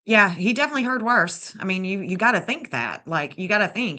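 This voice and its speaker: A woman's voice: medium pitch, expressive, fairly quick, sharp tone. A woman, bluntly and indignantly scolding as she comments on a livestream. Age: 50s. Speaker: true crime streamer.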